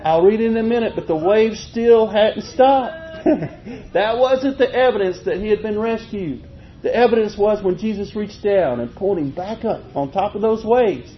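Male preacher, folksy animated sermon, high voice, muffled lo-fi sound with faint hiss. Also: normal speed. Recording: muffled, low-fi with faint noise.

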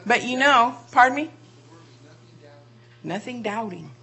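A woman's voice: a little high, expressive, slow, creaky, bright, forceful tone, breathy edge. A woman preaching a sermon, asking rhetorical questions and drawing out key phrases for emphasis.

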